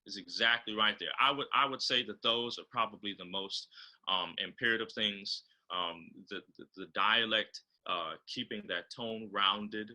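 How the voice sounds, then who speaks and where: A man with a low voice and a very bright, forceful tone talks over a video call. He explains choir technique in an instructive way, with many ums and uhs. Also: low-quality recording. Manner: explains choral diction, often pausing on fillers. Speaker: composer and choral director guest.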